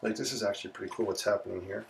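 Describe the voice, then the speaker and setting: A man's voice: lowish voice, racing, creaky, recorded from a distance, slight background noise. A man hosting a live sketching and painting stream, talking casually and playfully to viewers as he works. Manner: relaxed, chatty, playful asides. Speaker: livestream art host.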